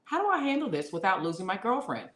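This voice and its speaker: A woman's voice: mid-range voice, very animated. Woman podcast host reading comments. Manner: reads listener comments aloud, quick joking reactions. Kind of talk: casual podcast chat. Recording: roomy echo.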